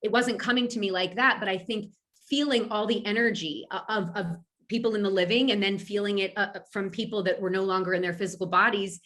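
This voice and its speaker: A woman's voice: mid-range voice, fairly even intonation, fairly quick, fairly bright tone. A middle-aged woman from Philadelphia, a medium talking casually as a guest, with many fillers and restarts. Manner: chatty, lots of fillers and restarts. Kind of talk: casual interview answers.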